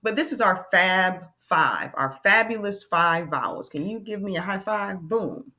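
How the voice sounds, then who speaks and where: A woman teaching a children's phonics lesson, slowly sounding out letters and cheering her young learners on. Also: medium pitch, animated, bright, forceful tone.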